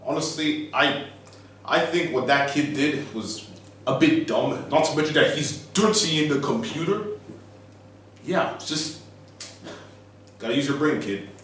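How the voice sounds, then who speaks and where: A man's voice: a little high, unhurried, long pauses, fairly bright tone, a little hiss or hum. A young man hosting a casual reaction video, ranting in an exaggerated, mocking way with goofy asides. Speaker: YouTuber. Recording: roomy, distant mic with music playing.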